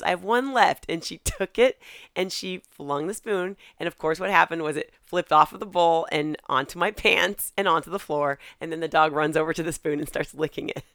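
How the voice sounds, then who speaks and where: A woman with a lowish voice, co-hosting a comedy podcast in casual chat. She tells stories in an animated way and acts out the lines of the people in them. Her voice is recorded close and dry. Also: no echo. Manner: animated storytelling, acting out dialogue, frequent laughs. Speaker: podcast co-host.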